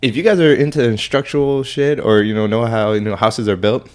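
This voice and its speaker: A man's voice: mid-range voice, a little fast, a little mellow. A man co-hosting a casual podcast, playful and often stumbling over his words. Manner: playful, stammering restarts. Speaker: podcast co-host. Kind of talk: casual chat.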